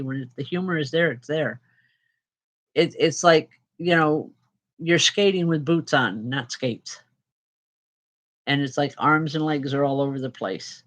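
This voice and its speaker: A tired woman medium giving live spirit readings to viewers, chatty and unhurried with frequent restarts. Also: deep voice.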